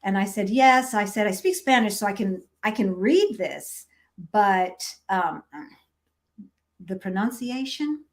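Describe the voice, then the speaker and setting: A woman's voice: mid-range voice, measured pace. Chatty middle-aged woman greeting viewers. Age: 50s. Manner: lively, laughs often, greets viewers. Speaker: vlogger reading live chat. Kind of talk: casual live-stream chat.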